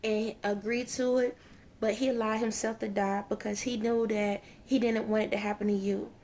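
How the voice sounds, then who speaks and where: A woman relays spirit messages to her viewers, exclaiming and repeating herself, now and then sinking into a whisper. Her voice sits a little higher than most women's. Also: level tone, moderate pace, a little mellow, slight background noise. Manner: emotional, exclaims and repeats phrases, slips into whispers. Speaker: spiritual medium.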